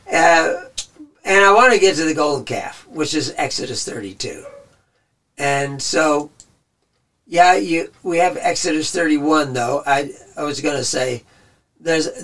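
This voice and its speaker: Gravelly man teaching scripture off-mic. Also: medium pitch, fairly bright tone, distant mic. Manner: rambling, conversational. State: losing his voice. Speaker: Bible teacher. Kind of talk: casual Bible teaching.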